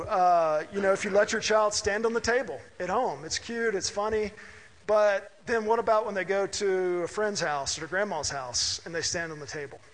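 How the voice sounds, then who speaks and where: A middle-aged man from Mississippi preaching a conversational sermon, telling family stories and checking in with "right?". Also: high voice. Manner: conversational, anecdotal, asks listeners "right?". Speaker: pastor. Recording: reverberant hall.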